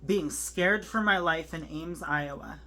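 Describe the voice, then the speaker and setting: Emotional woman with a bright, tense voice. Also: low-pitched. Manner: halting, rambling with many fillers and restarts. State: emotional, near tears. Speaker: vlogger telling a personal story. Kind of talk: personal monologue to camera.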